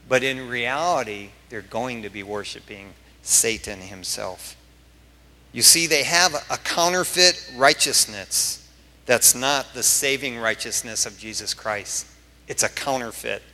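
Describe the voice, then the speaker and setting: Gravelly, bright-voiced man preaching in a hall. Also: medium pitch, normal speed. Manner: emphatic, storytelling, with rising bursts of excitement. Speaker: pastor. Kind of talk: verse-by-verse sermon.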